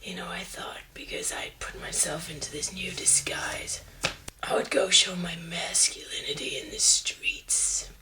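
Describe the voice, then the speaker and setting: A woman putting on a husky, whispery man's voice like a lifelong smoker. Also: fairly even intonation, measured pace, bright, forceful tone. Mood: gruff murmur. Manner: low murmured delivery, drifting accent. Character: husky-voiced young man drag persona, lifelong-smoker rasp. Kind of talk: comic drag character monologue.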